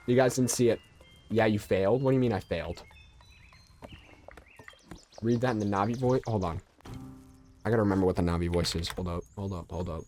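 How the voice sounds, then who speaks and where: A man streams a game and chats casually with viewers, answering them in a loose, joking way, his voice stuffy and nasal from allergies. It's a darkish, lowish voice at a brisk pace with long pauses and a slight hiss or hum.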